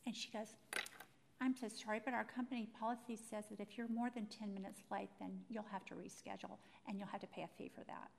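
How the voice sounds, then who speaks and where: A woman's voice: fairly high pitch, moderate pace, gravelly, in a large hall. A woman telling a personal faith story, acting out the voices in it. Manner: animated storytelling, acting out quotes. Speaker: Christian speaker. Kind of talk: personal testimony talk.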